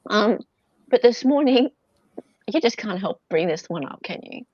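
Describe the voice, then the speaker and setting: Animated woman for casual stream chat, very bouncy pitch, dry close recording. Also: normal speed, husky, no room sound. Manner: chatty, animated storyteller with laughs. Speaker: stream co-host. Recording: dull dry lo-fi sound.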